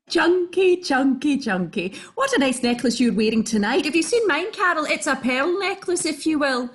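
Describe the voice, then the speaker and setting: A woman's voice: high-pitched, animated, moderate pace, hardly any pauses. A woman playing a cheeky Scottish chat-show co-host who banters with teasing innuendo over a video call.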